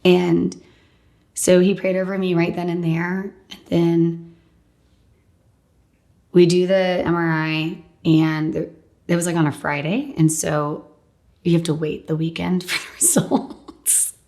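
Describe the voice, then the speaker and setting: Woman in her thirties, lowish gravelly voice, candid conversational faith testimony. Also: steady tone, takes it slowly, long pauses, dark tone. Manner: candid, conversational storytelling with frequent "like". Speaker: guest sharing her testimony.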